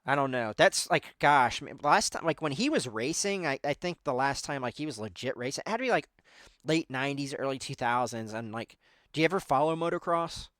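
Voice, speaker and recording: A man's voice: mid-range voice, lively intonation, fairly quick, a bit bright, dry recording. A man in his thirties hosting a podcast in casual chat, rambling with lots of filler words. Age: 30s. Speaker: podcast host.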